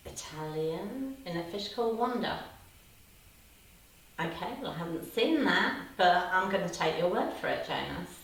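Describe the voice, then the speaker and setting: In a woman's fifties-era voice, fairly low and expressive at a moderate pace, a livestream host chats casually, reading out viewer comments, answering them, and laughing often. The room is echoey, she sits distant from the mic, and there's a faint hiss.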